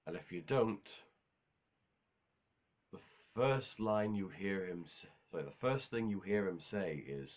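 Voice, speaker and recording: Deep-voiced man rambling offhand. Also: animated, a little slow, a little mellow. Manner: rambling and offhand, with casual swearing and self-corrections. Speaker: video host ranking game villains. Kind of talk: casual unscripted monologue.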